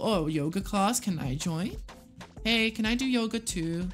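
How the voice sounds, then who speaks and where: A young woman livestreaming a video game, excitable, gasping and swearing as she plays. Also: mid-range voice, normal speed, faint music behind. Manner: excitable, swears and gasps, lively. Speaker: streamer. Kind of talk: live game stream commentary.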